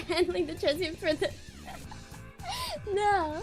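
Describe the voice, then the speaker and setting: A woman's voice: very high voice, slow, pauses often, music in the background. A young woman streamer in casual chat, rambling and giggling often as she talks.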